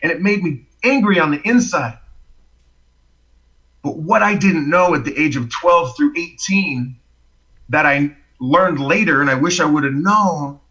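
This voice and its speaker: Man, podcast guest, animated storyteller, bright voice, slightly dull lo-fi sound. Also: a little high, measured pace, breathy edge. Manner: expressive, animated storyteller acting out quotes. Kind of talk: storytelling a personal testimony.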